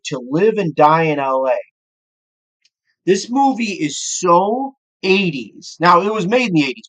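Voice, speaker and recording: A middle-aged man with a Midwestern American accent, hosting a casual cooking show as a gruff, profane curmudgeon. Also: fairly high pitch, fairly bright tone.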